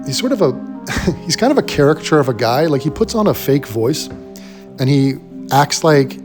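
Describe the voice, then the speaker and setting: A man's voice: fairly high pitch, big pitch swings, moderate pace, darkish tone, soft background music. A man hosting a ranting film commentary, blunt, sarcastic and full of profanity. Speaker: commentary host.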